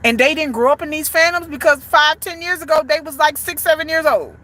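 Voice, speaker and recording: A woman's voice: high-pitched, brisk, sharp tone. A woman content creator giving a blunt, profane, emphatic rant as commentary to her channel. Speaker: band fan content creator. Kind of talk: ranting commentary.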